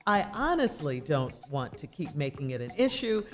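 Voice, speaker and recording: A woman's voice: sits low, very animated, moderate pace, soft background music. A woman radio co-host reading a listener's advice letter aloud, laughing easily.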